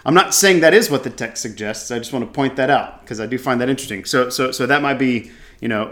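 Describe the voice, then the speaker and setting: Reading from scripture and then offering his own commentary, this male Bible teacher slips in casual restarts and asides. He has a mid-range voice with a fairly bright tone.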